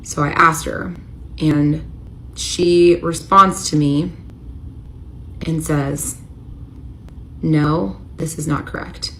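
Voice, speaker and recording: Storytime narrator: American woman, 30s, low voice, emotional, slight noise behind. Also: fairly even intonation, drawn-out words, long pauses, rough recording. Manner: emotional, rising to near-shouting when retelling the confrontation. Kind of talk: storytime confessional.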